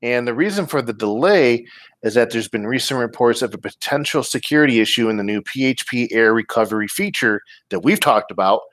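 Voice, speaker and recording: A man hosting a casual tech podcast, talking in a relaxed way with many ums and restarts. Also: medium pitch, fairly quick, no room sound. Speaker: podcast host. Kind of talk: casual podcast chat, reading listener comments.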